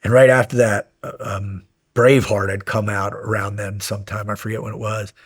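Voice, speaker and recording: Husky-voiced man telling a war story. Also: fairly low pitch, brisk. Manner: animated storyteller, dropping to quiet intensity. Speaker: podcast guest, former Navy SEAL. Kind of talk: casual storytelling interview.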